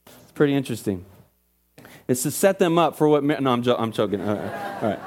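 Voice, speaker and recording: A man's voice: medium pitch, animated, brisk, a little mellow, a little hiss or hum. A man preaching a sermon to a congregation, reading scripture with rising emphasis and dropping into joking asides. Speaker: pastor.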